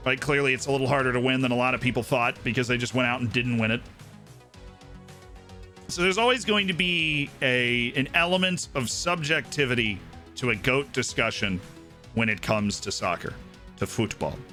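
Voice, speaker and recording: A man's voice: medium pitch, normal speed, pushed and bright, faint music behind. A man streaming live, rambling through his opinions in casual chat and often checking in with "right?".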